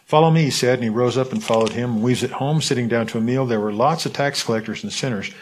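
A man leading a Bible study, reading scripture aloud in a lively way and stopping to comment on it. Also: mid-range voice, fast talker, slight background noise, low-quality recording. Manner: animated reading, voices the quotes with asides.

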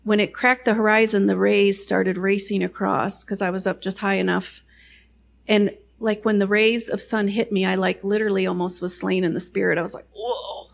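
A woman's voice: mid-range voice, flat delivery, normal speed, vocal fry. A middle-aged woman sharing a personal faith testimony in a chatty, self-deprecating way, full of "you know" asides.

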